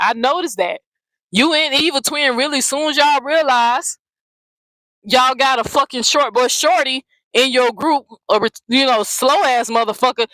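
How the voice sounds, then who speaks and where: A woman with a slightly high voice rants on her own channel, blunt and mocking, swearing freely as she calls people out. The sound is dry and close, with no room echo. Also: fairly bright tone. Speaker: channel host. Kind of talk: confrontational vlog rant.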